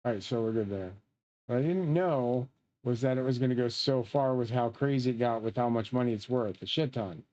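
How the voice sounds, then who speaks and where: A man rambling in a profane, excitable way while he plays a game and comments. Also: mid-range voice, brisk, lo-fi sound. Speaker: game streamer.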